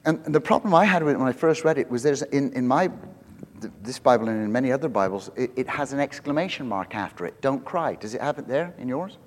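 Joking pastor in a reverberant church. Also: male voice, medium pitch, expressive, fast. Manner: conversational and joking, self-mocking. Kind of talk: sermon.

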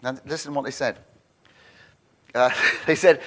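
A man preaching a sermon as pastor, joking and animated, often repeating words as he restarts his thoughts. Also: medium pitch, moderate pace, pauses often.

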